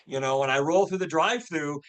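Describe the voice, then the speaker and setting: A man in his fifties from Louisville, Kentucky, speaks fairly fast in a fairly high voice. As a podcast guest in a casual interview, he tells a personal faith story, earnest and full of restarts and fillers.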